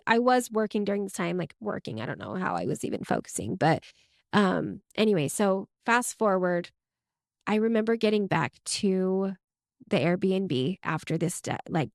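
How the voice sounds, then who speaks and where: A woman's voice: mid-range voice, lively intonation, moderate pace, gravelly, darkish tone, no room sound, clean studio sound. Young woman telling her story openly. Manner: emotional, open, frequent "like" fillers. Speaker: podcast host telling her story as guest. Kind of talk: candid personal storytelling.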